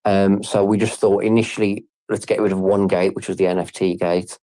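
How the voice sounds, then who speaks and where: Man, deep voice, warm mellow tone, halting speech full of fillers, casual group audio chat. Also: little pitch movement. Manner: hesitant, many fillers and restarts. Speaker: game project team member.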